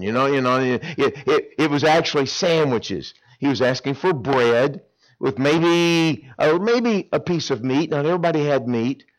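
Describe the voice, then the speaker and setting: Animated, folksy male preacher. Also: medium pitch, normal speed, poor audio. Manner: animated, folksy storytelling with humor. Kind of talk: sermon.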